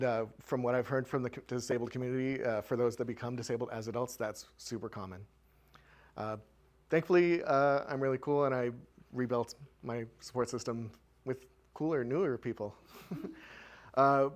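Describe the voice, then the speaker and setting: Speaking in a medium pitch, a man presents at a community show-and-tell. His candid personal story comes out conversationally before a live audience, peppered with filler words.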